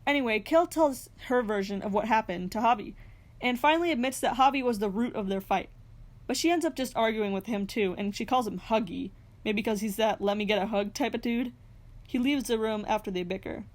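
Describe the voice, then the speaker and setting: A woman's voice: fairly high pitch, fairly quick. A young woman narrating a reality TV recap in a scripted way, with sarcastic, snarky asides. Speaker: recap host.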